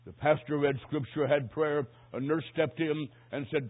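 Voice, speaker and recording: A man preaching a sermon with dramatic storytelling, swinging from hushed to loud. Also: on the high side, fairly even intonation, normal speed. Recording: tinny phone-like recording.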